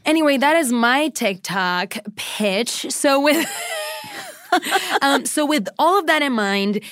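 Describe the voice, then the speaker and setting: A woman's voice: sits high, lively intonation, slow pace, fairly bright tone, no echo, clean studio sound. A woman hosting a comedy dating game, enthusiastic and laughing often. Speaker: host.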